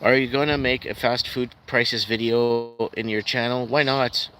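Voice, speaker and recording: A man talks loosely into his livestream, ranting with a skeptical edge and stumbling through restarts as he reads viewer comments aloud. His voice sits at a middle pitch. A steady wash of background noise runs under him, with vehicles passing now and then. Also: measured pace. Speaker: livestream host. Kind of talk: rambling live stream chat, reading viewer comments. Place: at home in Calgary.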